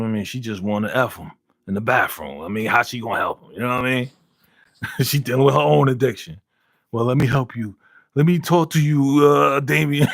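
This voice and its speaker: A man's voice: mid-range voice, fairly bright tone, no echo, studio quality. A man hosting a casual live stream, reading viewer comments aloud and ranting heatedly with laughs in between. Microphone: studio podcast mic.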